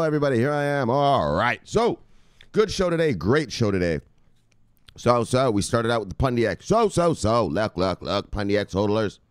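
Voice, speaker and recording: A man hosting a crypto news show, talking in an excited, casual way, shouting catchphrases, laughing and swearing. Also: on the low side, no room sound, clean studio sound. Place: home near the beach.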